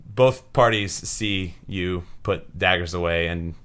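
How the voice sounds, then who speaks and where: Low, slow-talking man running a game. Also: clear, resonant tone. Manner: relaxed, unhurried, with many ums and likes. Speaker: game master. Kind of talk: narrating a tabletop game.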